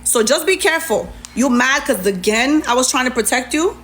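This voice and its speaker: A woman livestreamer venting to her chat in a sassy, animated way. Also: high-pitched, moderate pace, a little hiss or hum. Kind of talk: venting on a live stream.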